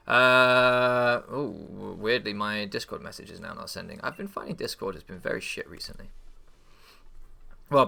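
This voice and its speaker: A man's voice: fairly low pitch, creaky, pushed and bright. A young English man hosting a game channel, rambling in casual chat, swearing freely, stumbling over and repeating his words. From England. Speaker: channel host and league player.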